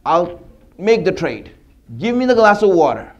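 A man's voice: high-pitched, big pitch swings, measured pace, dull audio. A man voicing a desperate, thirsty male monk who pleads and protests in a retold story. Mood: pleading. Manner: pleading, exasperated.

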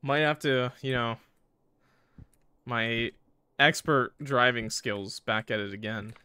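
A man playing a horror game and commenting as he goes, joking, excitable and swearing now and then. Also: mid-range voice, takes it slowly, clear, resonant tone, dry recording. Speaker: gaming youtuber.

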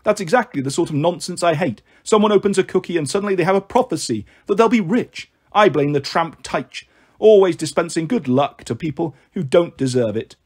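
Sneering, cackling storybook goddess of revenge, put on by a male reader, husky edge. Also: fairly high pitch, animated, brisk. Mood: scornful. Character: scornful goddess of revenge, woman, sour and sneering.

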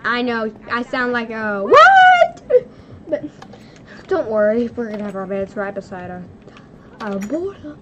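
A young woman hosting a casual gaming video, excitable, giggly and nervous as she plays with a friend. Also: fairly high pitch, unhurried, background noise. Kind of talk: casual gameplay chat.

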